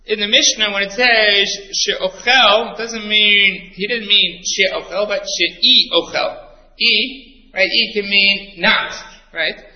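Man teaching Talmud, high voice, echoey room. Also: fairly even intonation, takes it slowly, slight background noise. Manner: explains each term step by step, with frequent "right?" asides. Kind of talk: Talmud study lesson. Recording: echoey room, dull lo-fi sound.

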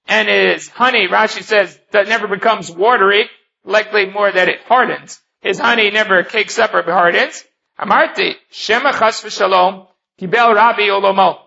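High, gravelly male Talmud teacher. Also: bright, forceful tone. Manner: reads Hebrew and Aramaic text then explains in English. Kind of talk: Talmud lesson. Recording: dull lo-fi recording.

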